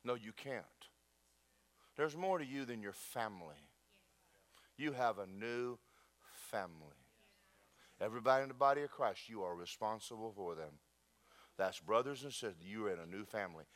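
Animated man preaching a sermon. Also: fairly low pitch, moderate pace, dry recording. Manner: animated, joking storyteller addressing the congregation. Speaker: pastor. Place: church.

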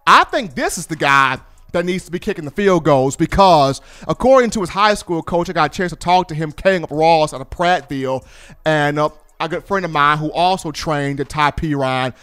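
Man, high smooth voice, animated football commentator who tells stories. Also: normal speed. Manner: animated storyteller acting out fans. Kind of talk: sports talk commentary.

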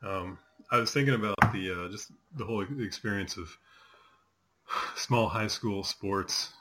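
A man's voice: on the low side, a little slow, bright, forceful tone, breathy edge. A man in his forties chatting casually as a host, telling rambling stories with many fillers. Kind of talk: casual chat.

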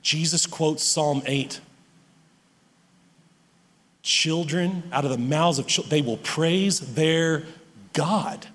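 High-voiced animated man preaching in a hall. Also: slow, long pauses. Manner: animated, emphatic preaching with laughs and restarts. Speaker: pastor. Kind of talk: sermon.

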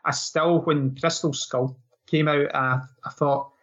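A man's voice: fairly high pitch, steady tone, slow pace. A man in a casual film chat, hesitant and weighing up his opinions as he goes. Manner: hesitant, restarts, weighs things up. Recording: dull lo-fi sound.

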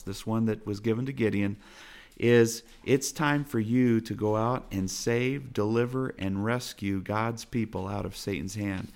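A man's voice: mid-range voice, gravelly. A man preaching a sermon from his family's dinner table, earnest and exhorting, driving points home with repeated phrases. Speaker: pastor.

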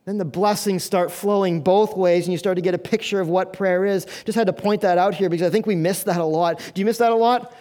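A man's voice: sits high, fairly even intonation, fast talker, few pauses, dark tone. A male pastor preaching a sermon in an earnest, conversational way, asking the congregation questions.

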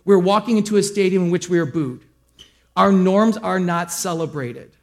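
Middle-aged male pastor, conversational sermon delivery with joking asides, slightly high-pitched. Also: normal speed. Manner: conversational storytelling with asides and self-deprecating humor.

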